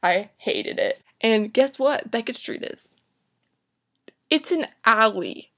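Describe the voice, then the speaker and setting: A young woman vlogging a story in a slightly high voice. She talks casually and dramatically, sounds exasperated, swears freely and sprinkles "like" everywhere. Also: animated, slow pace, fairly bright tone.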